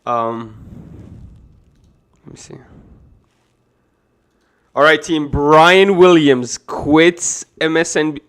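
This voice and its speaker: A man streaming a casual video reaction, excitable and profane, talking to his chat. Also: fairly high pitch, drawn-out words, pauses often, smooth. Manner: excitable, profane, laughs hard.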